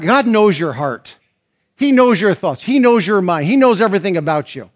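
Man, high voice, pastor, sermon, emphatic drawn-out phrases. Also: animated. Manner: preaching with rising emphasis, drawn-out stressed phrases.

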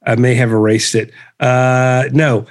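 Relaxed male podcast co-host. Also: medium pitch, a little slow. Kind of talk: casual chat.

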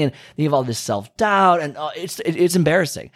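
A man's voice: very animated, quick pace. Man, fitness vlogger, chatty and rambling, restarts often, voices quotes. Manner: rambling, self-interrupting, frequent restarts and asides; acts out quoted dialogue with pitch jumps. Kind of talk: casual storytelling monologue.

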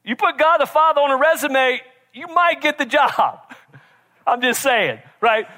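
A man preaching a sermon as pastor, emphatic, swinging from shouts to quiet intensity and often checking in with "right?". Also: extremely high pitch, expressive, measured pace. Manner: emphatic, repeats "right?" to the congregation.

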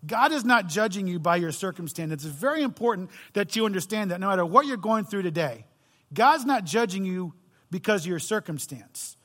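Middle-aged pastor guy with a high voice, preaching, jokey storyteller. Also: expressive, fairly quick, a bit bright. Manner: storytelling, self-deprecating humor. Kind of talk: sermon.

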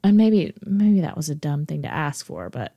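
A woman's voice: low voice, sing-song, moderate pace, vocal fry, dark tone, no room sound, dull audio. A woman hosting a casual podcast, asking questions in a chatty, hesitant way full of fillers. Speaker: podcast host.

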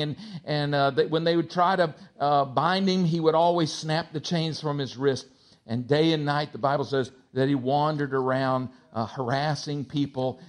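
A man preaching a sermon, moving from quiet, hushed storytelling to loud, high-pitched excitement, with stammering restarts. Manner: animated preaching, swings from hushed to shouting. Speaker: pastor.

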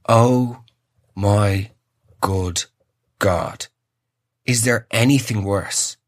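A comedian, a young man with a husky voice, launches into an exasperated, sarcastic comic rant. His delivery swings between high squeals and low mutters.

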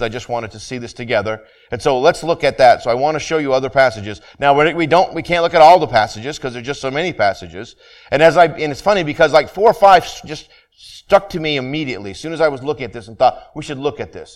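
A man preaching a sermon to his congregation, slowing down to read scripture and pray, and often repeating and restarting his phrases. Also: mid-range voice. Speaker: pastor.

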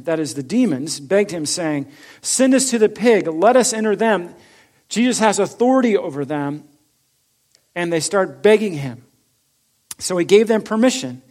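Man preaching a sermon, slightly high voice. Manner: reads scripture aloud with rising force, then explains in a lower, conversational tone. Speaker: pastor.

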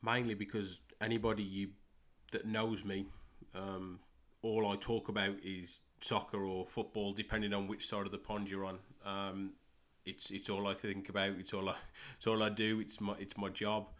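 A young man with a West Midlands English accent, hosting a solo soccer podcast and talking in a halting way with many fillers and repeated words. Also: on the low side, level tone, fairly bright tone. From England. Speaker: podcast host and soccer coach.

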